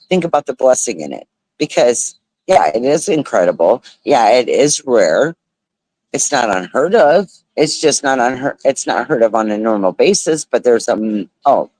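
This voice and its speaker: A man's voice: medium pitch, darkish tone, no echo, low-quality recording. Older guy from the states rambling on a phone livestream outside, emotional, keeps saying y'all, mid voice. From United States. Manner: emotional and rambling, laughs often, says y'all. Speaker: livestream host. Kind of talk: casual heartfelt livestream chat. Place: outdoors at a beach resort.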